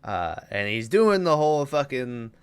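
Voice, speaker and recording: A man's voice: medium pitch, very animated, measured pace, clean tone. A man hosting a podcast, recapping a film in a rambling, casual way, swearing and acting out lines. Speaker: podcast host.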